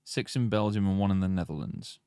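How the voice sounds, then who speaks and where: A man's voice: low-pitched, brisk, gravelly, dark tone, clean tone, no room sound, clean studio sound. A man in a band chatting on a live stream, explaining trivia in a chatty way. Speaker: band member. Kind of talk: casual stream chat.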